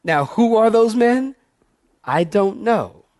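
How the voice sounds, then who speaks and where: Pastor guy preaching in church, pretty high voice, fired up, keeps asking the crowd to answer back. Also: takes it slowly. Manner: animated preaching, calls out to the congregation. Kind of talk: sermon.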